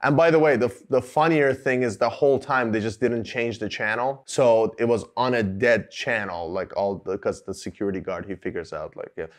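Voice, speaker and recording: A man's voice: mid-range voice, fairly even intonation, moderate pace, few pauses. A man hosting a film-review talk to camera, rambling with sarcastic jokes and asides. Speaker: show host reviewing films.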